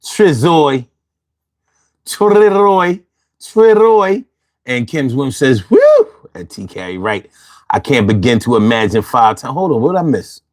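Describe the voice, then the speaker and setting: A man's voice: mid-range voice, lively intonation, normal speed, no room sound, clean studio sound. A man reading viewer comments aloud and reacting in slangy, profane, conversational talk. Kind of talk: casual commentary.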